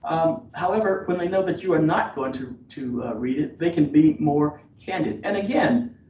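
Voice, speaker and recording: A man with a fairly high voice gives earnest, advisory guidance, stumbling through fillers and restarts as he goes. He sounds set back from the mic in an echoey room. The audio is dull and lo-fi. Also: lively intonation, moderate pace, a little mellow. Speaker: admissions officer. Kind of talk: webinar presentation. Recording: roomy, distant, dull lo-fi webinar audio.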